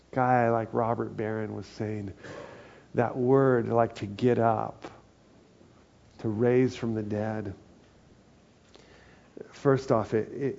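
A man's voice: mid-range voice, creaky, mellow, muffled recording. A man preaching a sermon as pastor, earnest and building to emphatic peaks.

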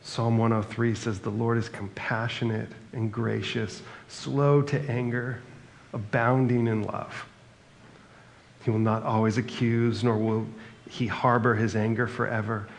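A man's voice: on the low side, level tone, unhurried, vocal fry, slight background noise. A man preaching a sermon in a conversational way, reading scripture passages aloud between his own remarks. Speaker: pastor.

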